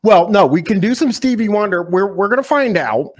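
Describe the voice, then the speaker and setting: A man's voice: sits high, expressive, brisk. A man co-hosting a casual stream, rambling and self-mocking as he flubs his words. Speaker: co-host.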